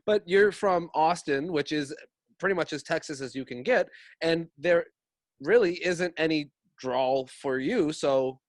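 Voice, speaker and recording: A man hosting a podcast, asking questions in a chatty, quick, easily amused way. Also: fairly high pitch, dry recording. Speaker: podcast host. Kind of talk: casual podcast interview.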